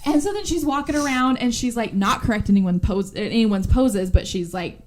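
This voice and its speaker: Woman, podcast host, higher pitch, casual chat, animated, sweary storytelling. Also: moderate pace. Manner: animated storytelling, acts out characters' lines, swears freely. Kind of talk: casual chat recapping a movie.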